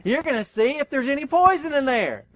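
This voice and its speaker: A man voicing an ancient king who is wary of poison and gives brisk, bossy orders, during a sermon. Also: extremely high pitch, big pitch swings, no room sound, pitched above the performer's own voice.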